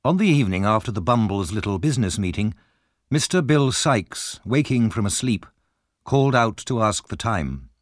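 A man reading a storybook chapter aloud in a measured, expressive way. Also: fairly low pitch, no room sound, studio quality. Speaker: audiobook narrator. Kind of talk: scripted storybook narration.

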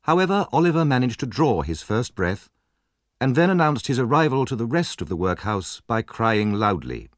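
Male storybook narrator, low, animated, dry recording. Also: dry recording. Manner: expressive, measured reading.

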